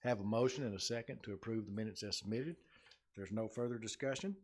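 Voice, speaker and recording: A man serving as mayor, chairing a city council meeting and reading a formal proclamation. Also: on the low side. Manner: brisk procedural, reads proclamation emphatically.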